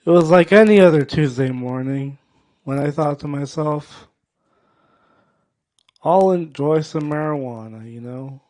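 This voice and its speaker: A male stand-up comedian doing a set, loud and profane, working the crowd. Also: on the high side, a little slow, long pauses. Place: comedy show stage.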